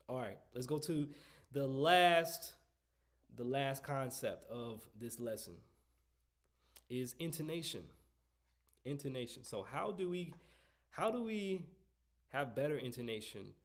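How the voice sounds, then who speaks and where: A man's voice: medium pitch, creaky. A man teaching a live trumpet lesson, talking at length and often repeating and restarting his phrases as he coaches. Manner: long-winded, repeats himself, coaching tone. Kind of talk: live online music lesson.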